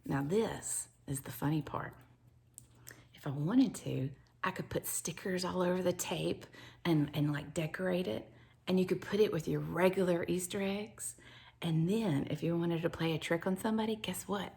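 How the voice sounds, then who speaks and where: A woman leading a children's activity lesson, animated and talking straight to the kids. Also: lowish voice, moderate pace, vocal fry. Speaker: children's teacher.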